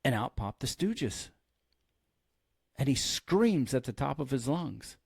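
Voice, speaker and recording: A man of ordinary pitch hosts a podcast as a pastor, telling a long story in a relaxed, chatty way. He acts out the lines of the people in it as he goes. His voice sits close to the mic in a dry, dead room. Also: slow, vocal fry, husky, no echo. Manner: animated storyteller who acts out quoted lines. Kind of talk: storytelling in casual podcast chat.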